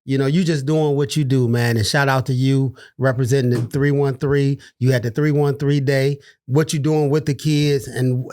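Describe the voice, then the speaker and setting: A man's voice: mid-range voice, a little mellow, dry recording, studio quality. A middle-aged man from Detroit, co-hosting a sports podcast in laid-back casual chat, dropping "man" often. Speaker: podcast co-host.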